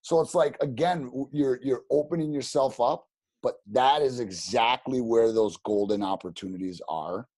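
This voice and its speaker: A man telling stories as a podcast guest, animated and rambling, with many restarts. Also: medium pitch, moderate pace, no room sound. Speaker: podcast guest, real estate agent. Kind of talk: casual storytelling interview.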